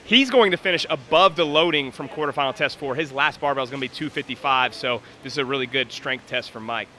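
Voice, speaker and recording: A man's voice: mid-range voice, quick pace, pushed and bright. A man coaching and commenting live on a workout in a gym, explaining technique and calling out times.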